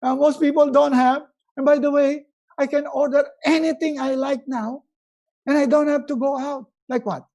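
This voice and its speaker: Animated motivational coach, warm voice. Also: male voice, very high-pitched, normal speed. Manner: animated, acts out quoted scenes in a raised voice. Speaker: resiliency coach. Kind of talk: live motivational webinar talk.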